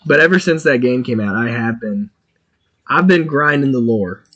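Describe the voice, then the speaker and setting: Male streamer, lively up-and-down delivery, excitable, thinks aloud as he plays. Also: mid-range voice, normal speed, lo-fi sound. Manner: chatty, excitable, thinking aloud while playing. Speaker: gaming streamer. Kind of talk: casual game-stream chatter.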